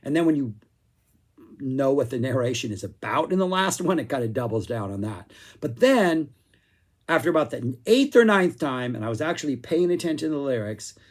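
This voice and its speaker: A man's voice: medium pitch, sing-song, normal speed. A man giving a casual, rambling spoken album review with plenty of enthusiasm. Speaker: music reviewer.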